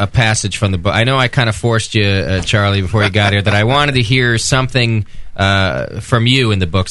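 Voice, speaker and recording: A man hosting a radio show, talking casually and haltingly. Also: on the low side, a bit bright, dry recording. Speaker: host.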